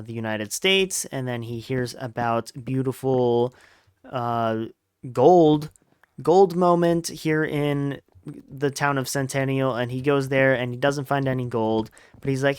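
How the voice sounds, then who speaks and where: A man's voice: mid-range voice, steady tone, slow, clean tone, no echo, studio quality. A man hosting a let's-play podcast, chatting casually about a book with lots of fillers and playful gamer slang. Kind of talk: casual book discussion over gameplay.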